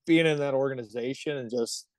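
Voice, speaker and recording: A man in his thirties from the Pittsburgh area, a hockey player telling animated stories as a podcast guest, laughing often and swearing freely. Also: medium pitch, brisk, no echo. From Pittsburgh area, United States. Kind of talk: casual podcast storytelling.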